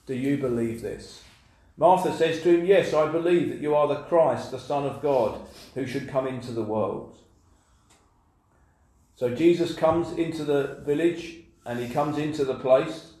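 A man's voice: on the high side, unhurried, warm tone. A man preaching a sermon to his congregation, earnest and given to repeating phrases for emphasis. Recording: very echoey room.

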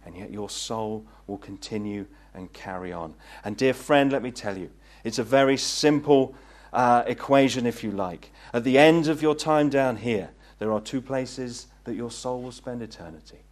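A man preaching a gospel sermon, earnest and pleading, rising to fervent peaks and then dropping low. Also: normal speed, few pauses. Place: meeting hall.

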